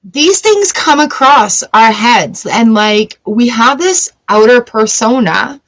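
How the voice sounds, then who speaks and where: A woman's voice: fairly high pitch, animated, slow, fairly bright tone. A woman giving a casual live-stream tarot reading, chatty and blunt and swearing freely. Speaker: tarot reader.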